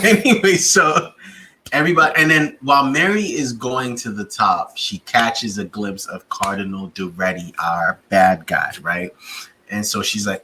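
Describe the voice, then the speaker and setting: A lower-pitched man with a bright, forceful edge, chatting casually as he recaps a TV show. He acts out the characters' lines and jumps into sudden high-pitched bursts, and a faint hiss of noise sits under his voice. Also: measured pace, low-quality recording. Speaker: podcast co-host reviewing a TV series. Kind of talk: casual chat, animated retelling.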